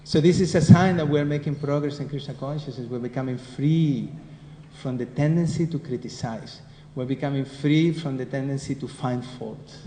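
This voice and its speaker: A man with a Spanish accent leads a devotional scripture class, speaking in a warm, mellow voice and often turning questions to the room. His voice rings with a long, roomy hall echo, and a faint hiss runs underneath. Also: mid-range voice, normal speed. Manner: conversational, keeps asking the listeners questions.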